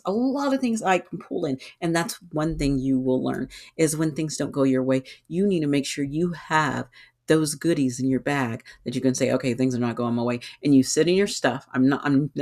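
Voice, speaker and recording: A woman talks on her own podcast in a relaxed, unscripted way. She is lively and often slips into little acted-out voices of her own thoughts. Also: very deep voice. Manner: animated, acts out her own inner voices. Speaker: podcast host and tarot reader. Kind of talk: casual solo podcast talk.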